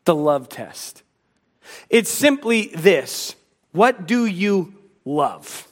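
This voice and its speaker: High-voiced male pastor preaching. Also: very animated, very slow. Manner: emphatic, rhetorical questions, dry humor. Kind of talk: sermon.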